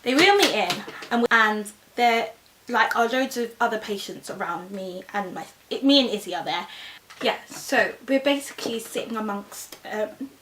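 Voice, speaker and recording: A lively young woman tells a personal story straight to camera. Her voice sits a little high, and she animates every turn, slipping into the voices of the people in her tale. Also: normal speed, a little hiss or hum, low-quality recording. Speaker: vlogger. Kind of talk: storytime vlog.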